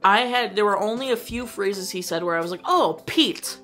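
A young woman chats about a movie she loves, gushing and full of filler words. Her voice sits at an ordinary middle pitch, and faint music plays under her talk. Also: quick pace, fairly bright tone. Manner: gushing, enthusiastic, frequent "like" fillers. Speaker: movie reviewer. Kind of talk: casual chat.

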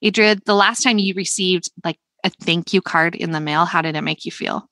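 A woman co-hosting a podcast in a casual, earnest chat, reflecting aloud and slowing down to stress her points. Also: on the low side, sharp tone, dry recording. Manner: earnest, reflective, slows down for emphasis. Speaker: podcast co-host.

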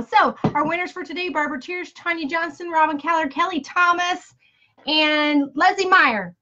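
A woman's voice: very high-pitched, normal speed, sharp tone. A woman hosting a casual live giveaway stream, chatty and playful with jokey asides. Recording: dull lo-fi live-stream audio.

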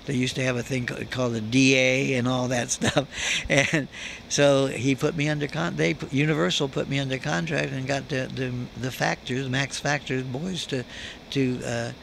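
Gravelly older man telling stories. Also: mid-range voice, fairly even intonation, normal speed, fairly bright tone, slight background noise. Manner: chuckling storyteller. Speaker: guest actor. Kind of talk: anecdotal interview talk. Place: convention floor.

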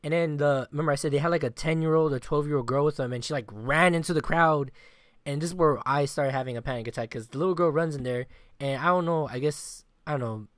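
A man's voice: on the high side, quick pace, no room sound, clean studio sound. A man co-hosting a sports podcast, telling a long story in a rambling, casual way, full of filler words and the odd swear word. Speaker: podcast co-host.

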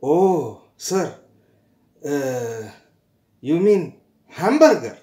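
An overly polite restaurant waiter who keeps saying sir, all eagerness and deference, as a man puts him on while telling a story. The voice sits fairly high for a man and rings in an echoey room. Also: very animated, extremely slow, mellow, exaggerated voice. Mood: eager polite.

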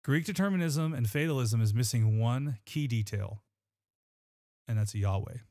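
A male podcast co-host reads scripture and chats earnestly, rambling and restarting his sentences. His mid-range voice is warm and moves at a normal speed.

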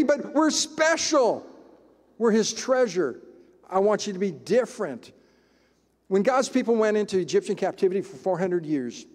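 A man preaching a sermon as pastor, in an emphatic, conversational style with dramatic pauses. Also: very high-pitched, a little mellow, long reverb tail. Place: church sanctuary.

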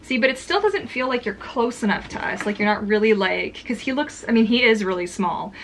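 A woman's voice: a little high, lively intonation, a little fast, a bit bright, a little hiss or hum. A woman chatting casually to camera from a filming corner at home, rambling with lots of filler words. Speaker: vlogger. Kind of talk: casual vlog chat to camera.

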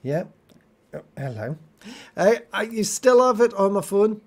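A woman's voice: medium pitch, sing-song, a little slow, a little mellow. A woman co-hosting a casual live stream, chatty and teasing, often exclaiming. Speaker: livestream co-host.

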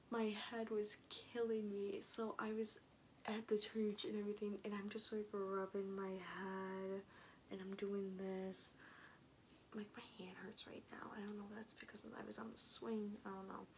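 A young woman vlogger rambles chattily through a casual video diary, often dropping into a whisper. Her mid-range voice has a darkish tone, and the poor audio carries a faint hiss of ambient noise under the camera mic.

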